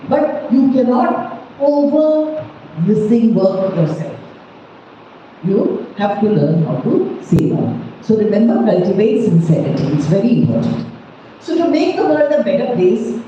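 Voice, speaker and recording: A woman's voice: fairly high pitch, sing-song, normal speed, mellow, slight background noise. A woman with an Indian English accent giving an etiquette lecture, telling stories and acting out the voices in them. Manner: storytelling, acts out voices in anecdotes. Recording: echoey hall, far from mic, muffled.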